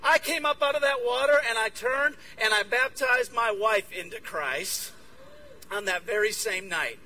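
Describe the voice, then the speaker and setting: A man giving a lively sermon as a guest speaker to a conference crowd, acting out bits of dialogue. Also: high voice, a little slow, distant mic, slight background noise, rough recording. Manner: energetic, acts out dialogue. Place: conference room with audience.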